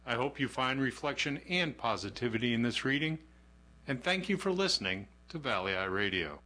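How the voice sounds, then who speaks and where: A man reading a short uplifting verse on radio in an expressive, sing-song way. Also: medium pitch, normal speed. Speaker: radio reader.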